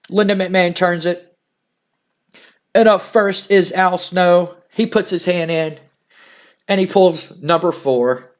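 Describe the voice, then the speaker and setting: A man dramatically narrating a wrestling simulation playthrough, play-by-play style. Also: high-pitched. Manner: storytelling play-by-play, hyping announcements. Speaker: game narrator.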